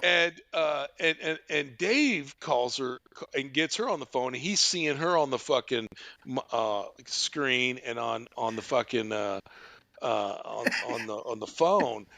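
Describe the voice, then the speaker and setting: A man's voice: mid-range voice, unhurried, vocal fry, sharp tone, no room sound. A man hosting a podcast who tells a rambling story full of profanity and restarts. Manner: rambling, profane, laughing retelling. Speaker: podcast host. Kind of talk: casual storytelling.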